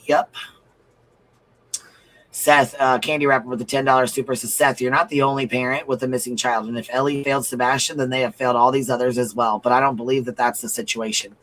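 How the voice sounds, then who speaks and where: A fast-talking man with a mid-range voice and fairly even intonation does commentary on a livestream, his tone bright and forceful. Bluntly and profanely, he reads out viewer comments and repeats his points for emphasis, all on a rough recording.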